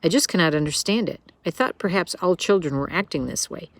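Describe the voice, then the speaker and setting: A woman's voice: on the low side, lively intonation, fairly quick, no room sound. A woman voicing a worried, proper mother in a storybook reading, earnest and fretful.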